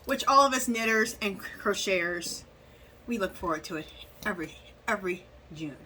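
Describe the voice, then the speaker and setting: A woman's voice: mid-range voice, animated, moderate pace, bright, forceful tone, slight background noise, poor audio. A woman chatting casually in a craft haul vlog, telling a rambling story with plenty of restarts and asides. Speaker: craft vlogger.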